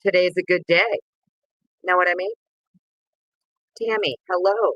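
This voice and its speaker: A woman's voice: steady tone, measured pace, a bit bright, no echo, dull audio. A woman hosting a casual livestream, greeting viewers by name in a playful, sing-song way. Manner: bursts of sing-song and squeaky voices. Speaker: livestream host.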